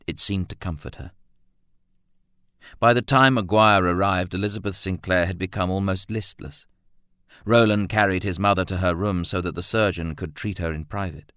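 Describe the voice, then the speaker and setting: Low-pitched male audiobook narrator, dry and close. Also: fairly bright tone, no room sound. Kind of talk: scripted narration.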